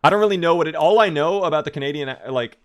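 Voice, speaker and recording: A man's voice: a little high, very fast. Chatty man streaming a game. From Maryland, US East Coast. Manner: chatty, answers chat questions while playing. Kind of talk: casual live-stream chat.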